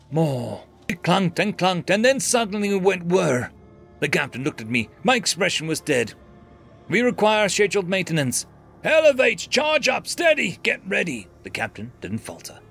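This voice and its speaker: A man's voice: a little high, gravelly, fairly bright tone. A man narrating a scripted science fiction story in a dramatic, dry manner.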